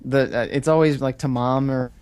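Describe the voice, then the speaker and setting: A man's voice: mid-range voice, fairly even intonation, moderate pace, darkish tone, clean tone. A young man on a video call in a casual podcast chat, telling stories with hesitant fillers. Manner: storytelling, thoughtful, hesitant fillers. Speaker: co-host joining by video call.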